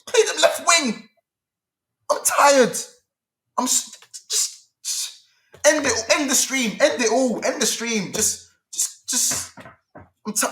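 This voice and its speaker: A man's voice: extremely high pitch, lively intonation, unhurried, bright, forceful tone. A young man, ranting about football in a heated, casual debate and repeating his points in frustration. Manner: exasperated, repetitive ranting. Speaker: football fan panelist.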